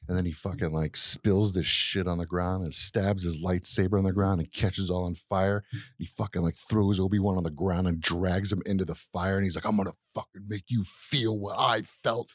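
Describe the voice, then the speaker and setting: A man co-hosting a podcast, retelling a scene in a profane, animated way and acting out the quotes. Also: deep voice, a little fast, no echo, clean studio sound. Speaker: podcast co-host. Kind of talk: casual chat, retelling a show scene.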